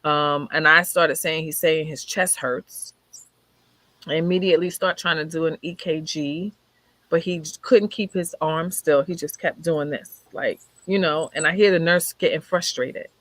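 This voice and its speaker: A woman's voice: low-pitched, moderate pace, fairly bright tone, no echo. A woman telling a personal story in a conversation, acting out what people said as she goes. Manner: vivid retelling, acting out what others said. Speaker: guest sharing her life story. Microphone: video call.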